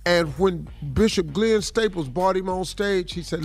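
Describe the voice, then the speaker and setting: A man's voice: sits high, very animated, normal speed, hardly any pauses, soft background music. A male radio morning show host in a studio, talking in a laid-back, slangy way and telling stories in casual chat. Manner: laid-back and slangy, often says "dog" and "man". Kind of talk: casual storytelling chat and motivational talk.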